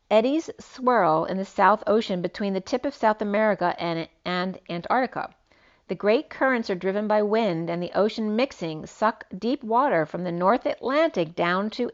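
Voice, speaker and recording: A woman's voice: mid-range voice, muffled recording. A woman giving a solo spiritual reading, rambling and free-associating from one idea to the next. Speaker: spiritual reader.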